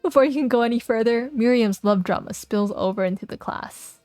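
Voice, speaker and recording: A woman's voice: a little high, brisk, darkish tone, no echo, soft background music. A young woman streaming a game, chatting playfully and reading its text aloud, giggling often.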